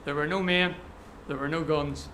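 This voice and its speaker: A man voicing a stern old Belfast grandmother who speaks quietly and firmly. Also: high voice, quick pace, slight background noise. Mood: firm, hushed. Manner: quiet, firm and hushed.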